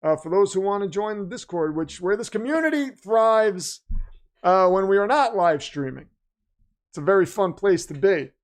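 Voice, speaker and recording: A man's voice: sits high, animated, normal speed. A man hosting a live stream, reacting to a football game and chatting with viewers, swinging into announcer-style hype. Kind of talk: casual live-stream commentary.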